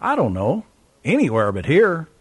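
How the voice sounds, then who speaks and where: A man's voice: on the high side, huge pitch swings, moderate pace, breathy edge, dry recording, pitched above the performer's own voice, heavily acted. A man voicing a restless young male truck driver who talks in a slangy, grumbling way.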